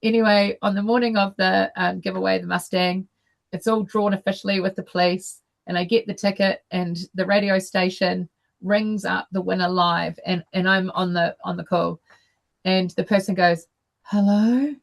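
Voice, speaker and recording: A middle-aged woman tells a personal story to an online meeting over a video call, unhurried and full of fillers and restarts. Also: mid-range voice, flat delivery, creaky. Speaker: guest speaker.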